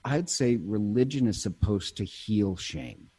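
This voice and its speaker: A husky-voiced man with a fairly low pitch, a priest chatting in a relaxed way. He tells his stories in fits and starts, cutting himself off and laughing easily. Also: unhurried. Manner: storytelling, self-interrupting, laughs easily. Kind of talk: casual conversation.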